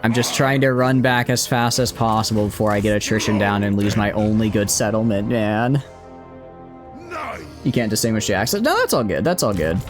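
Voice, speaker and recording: A man's voice: on the low side, lively intonation, a little fast, over music. A young man with a Southeastern US Southern accent, a streamer chatting casually while playing a strategy game, rambling and correcting himself as he answers chat. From Southeastern United States.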